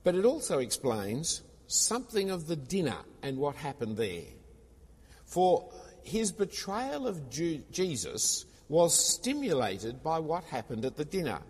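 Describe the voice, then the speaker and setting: A man's voice: fairly high pitch, big pitch swings, a little slow, a little mellow, slightly rough. A man preaching a sermon, explaining scripture in an expository way with casual personal asides. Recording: long reverb of a large hall.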